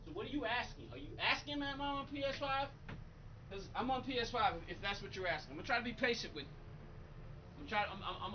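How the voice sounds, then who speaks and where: A man's voice: sits high, dull audio, background noise. A man live-streaming a racing game, chatting loosely with his viewers, irritated and rambling, often repeating himself. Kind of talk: casual live-stream chat reading viewer comments.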